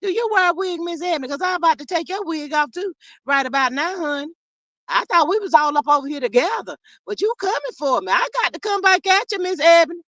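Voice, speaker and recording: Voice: very high voice, animated, fast talker, sharp tone, no echo, heavily acted, poor audio. A performer playing a sassy gossiping woman persona, reading viewer comments on a livestream and calling everyone honey and child. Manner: dramatic, playfully threatening. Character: sassy gossiping woman persona, Miss Marlene, quick to clap back. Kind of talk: live chat.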